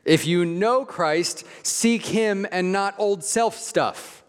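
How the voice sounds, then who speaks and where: Pastor preaching, male, somewhat high pitch, easygoing but emphatic, recorded in a reverberant church hall. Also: smooth. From Midwest. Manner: conversational and emphatic, slowing on key phrases. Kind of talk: sermon.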